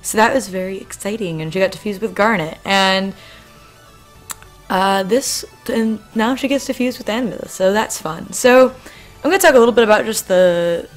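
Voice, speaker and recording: A woman's voice: medium pitch, normal speed, soft background music. A young woman hosting an art channel, giving bubbly, rambling casual commentary on her drawing into a desk microphone, with plenty of ums and asides.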